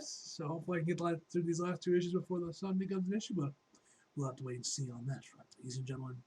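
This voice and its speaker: A man's voice: sits high, slightly rough. A man reacting to a comic book in casual chat, loose and rambling, heavy on slang and cursing.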